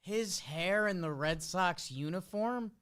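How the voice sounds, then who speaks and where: Energetic high-voiced sports show host. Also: male voice, slow, clear, resonant tone, dry recording, clean studio sound. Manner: energetic, riffing, playful. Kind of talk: live sports talk show.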